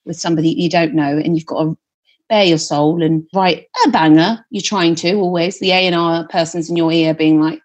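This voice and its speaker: A woman's voice: lowish voice, steady tone, a little fast, muffled recording. A woman in her thirties, a singer-songwriter guest talking candidly, chatty and self-deprecating, swearing freely. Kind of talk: candid podcast conversation.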